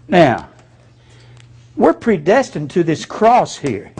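A man delivers a sermon in a plain, blunt, folksy way, poking fun as he goes. His voice sits a little high and rises and falls widely. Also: huge pitch swings, slow pace, long pauses, darkish tone, slightly rough. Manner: folksy, blunt, preaching with mocking asides. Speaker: pastor.

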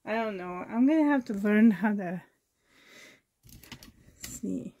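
A woman's voice: mid-range voice, slow, warm tone, low-quality recording. A woman with a Canadian accent, chatting casually while unboxing, gushing, giggly and rambling. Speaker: reborn doll vlogger.

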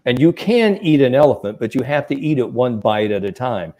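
Guy coaching the mental game, mellow dark voice, acts out quotes as he tells stories. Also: medium pitch, a little fast. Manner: animated storyteller, acts out quotes. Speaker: sports psychologist guest. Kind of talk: coaching advice in podcast chat.

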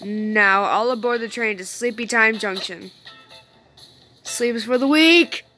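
A woman's voice: a little high, unhurried, pushed and bright, faint music behind. A woman voicing a teasing young father in a game, joking with his daughter about breaking the rules. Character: playful rebellious young dad.

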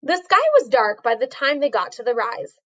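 A woman's voice: on the high side, expressive, normal speed, a bit bright, highs cut off. A woman reading a storybook aloud, carefully, with a few small slips. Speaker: reader.

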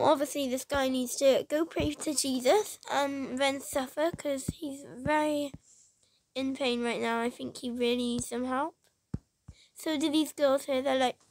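A woman hosting a reaction video, talking in a dramatic, exclaiming and outraged way. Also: high voice. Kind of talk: reaction commentary. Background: music playing.

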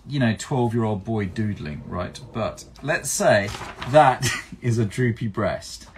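A man in a live-stream Q&A, explaining a surgical question to viewers in a chatty, self-deprecating way. His voice sits at a middling pitch for a man, and he thinks aloud as he goes. A faint background noise sits under the speech. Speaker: plastic surgeon answering viewer questions.

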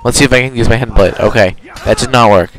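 A man's voice: mid-range voice, rapid-fire, a little hiss or hum, low-quality recording. Give me a young man rambling through casual game commentary, often correcting himself. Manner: rambling, self-correcting, chatty. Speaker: gamer. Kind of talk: casual let's play commentary.

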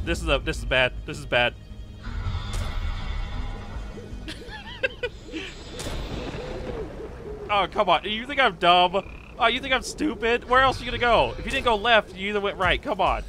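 A man narrates his own gameplay in an excitable rush, yelping and taunting as he goes. His voice sits high and swings widely in pitch. Game music plays clearly underneath. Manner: excitable, yelping and taunting, rapid repeated phrases. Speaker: gaming YouTuber.

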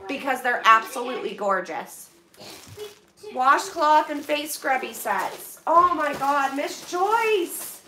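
A woman's voice: high-pitched, expressive, slow, bright, forceful tone, slight background noise. A woman vlogger opening donated boxes, chatting to her viewers and thanking them with effusive, emotional gratitude. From Pennsylvania, US. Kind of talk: casual chat to viewers. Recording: echoey room, mic at a distance.

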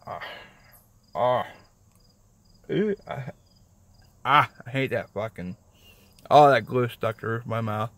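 A man's voice: medium pitch, takes it slowly, pauses often, a bit bright, dry recording. A man rambling on his vlog from his parked car, swearing often and mocking himself. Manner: rambling, profane, self-mocking. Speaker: vlogger. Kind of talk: casual vlog talk.

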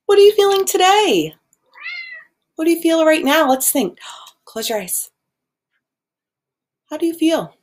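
A woman preschool teacher giving a gentle, expressive lesson to young children, acting out each feeling as she names it. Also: very high voice, unhurried, long pauses. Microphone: video recording.

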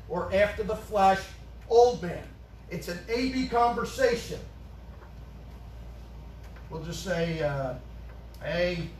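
A man preaching in a roomy church, his voice very high and heard from some distance off the mic. He fires questions at his congregation and drives his points home emphatically, rising to a shout at times. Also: slight background noise. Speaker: pastor. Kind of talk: sermon. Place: church sanctuary. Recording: echoey room, far from the mic.

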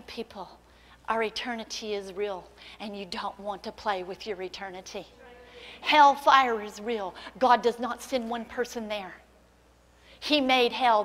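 A woman pastor preaching a sermon in a church, impassioned and building to loud cries. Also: fairly high pitch, long reverb tail. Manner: impassioned preaching, voice rising to cries in acted quotes. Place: church sanctuary.

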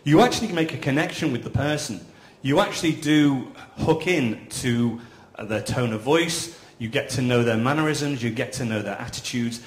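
A man's voice: medium pitch, normal speed, hardly any pauses. A man speaking on a panel at a live event as a full-time podcaster, explaining earnestly and repeating words as he builds his sentences. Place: event venue, indoors. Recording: echoey room.

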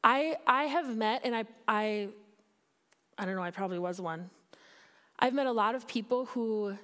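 A woman pastor preaching a sermon in a candid, conversational way, building to emphatic peaks. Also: on the high side. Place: church sanctuary.

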